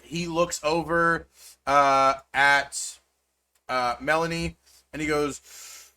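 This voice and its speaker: A man narrating a tabletop game as game master. His voice is a bit high and bright, and he rambles with many fillers and restarts. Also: fairly even intonation, slow pace, long pauses, smooth.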